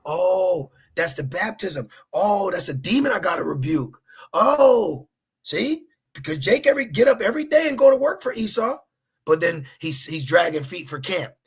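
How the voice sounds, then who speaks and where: Gravelly high-voiced man preaching streetwise. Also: sing-song, moderate pace. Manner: casual, profane, emphatic with repeated "okay?"; acts out voices in high pitched asides. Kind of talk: streetwise sermon.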